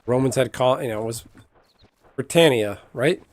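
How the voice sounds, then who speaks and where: A man's voice: medium pitch, moderate pace, no echo. A man from the United States streaming a game, chatting casually in a rambling way and swearing now and then. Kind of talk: casual chat while gaming.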